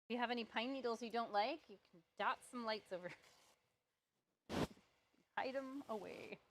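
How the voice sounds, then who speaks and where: A woman's voice: a little high, normal speed, a bit bright, a little hiss or hum. Chatty woman teaching a painting class. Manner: chatty, playful and self-deprecating. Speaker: painting instructor. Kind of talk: step-by-step live art tutorial.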